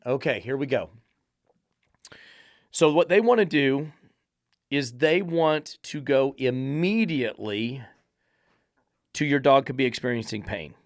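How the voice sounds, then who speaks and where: A man's voice: medium pitch, lively intonation, unhurried, long pauses, no echo, clean studio sound. A man hosting a dog training podcast, lecturing emphatically with repeated rhetorical questions. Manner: preachy, repetitive rhetorical questions.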